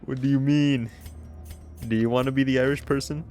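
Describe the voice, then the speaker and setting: A man's voice: medium pitch, fairly even intonation, brisk, a little mellow, faint music behind. A man streaming a video game, joking and rambling in casual commentary and laughing often.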